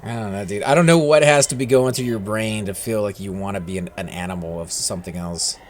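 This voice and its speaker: A man's voice: lowish voice, fast talker, a little hiss or hum. A man hosting a gaming video, chatting casually and joking with a friend while he plays. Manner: laid-back, joking, musing aloud. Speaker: gaming channel host. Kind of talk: casual chat while playing a game. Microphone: desk microphone.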